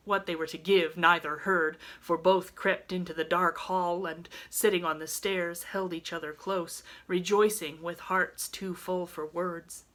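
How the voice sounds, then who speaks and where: A woman pastor reading a classic novel aloud in a gentle, measured storybook style. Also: lowish voice, fairly even intonation.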